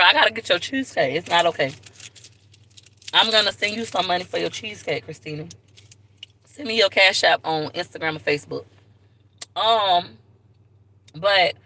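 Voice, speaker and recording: Chatty young woman, gravelly bright voice. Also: mid-range voice, poor audio. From Tampa, Florida. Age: young adult. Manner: chatty, animated, talks straight to viewers. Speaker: vlogger on a live video. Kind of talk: casual livestream chat. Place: in a car at a park. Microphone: phone camera.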